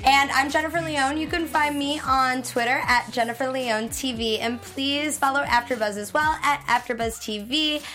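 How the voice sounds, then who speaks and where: A woman hosting a casual studio panel chat, bubbly and quick to laugh. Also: sits high, steady tone, pushed and bright. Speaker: host.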